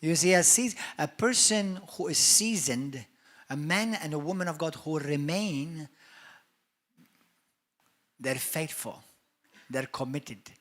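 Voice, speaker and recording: A man with a Maltese accent preaching a sermon as pastor, emphatic and animated, acting out churchgoers. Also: on the high side. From Malta. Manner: emphatic preacher, acts out churchgoers in quick voices.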